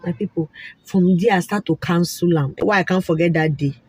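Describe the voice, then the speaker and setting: Nigerian woman vlogger, slightly husky and dry-sounding, animated storyteller who repeats herself and drops into Pidgin. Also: fairly low pitch, a little fast, no room sound. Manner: animated and repetitive, slipping into Pidgin asides. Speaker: vlogger sharing a fertility story. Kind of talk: casual personal storytelling.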